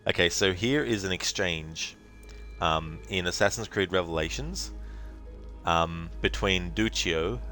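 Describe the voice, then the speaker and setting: A male game streamer with a very low voice talks through a live stream in a loose, rambling way, leaning on fillers. Faint music sits behind him. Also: measured pace, pushed and bright. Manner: rambling, chatty, many fillers, thanks viewers. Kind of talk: casual live-stream chat.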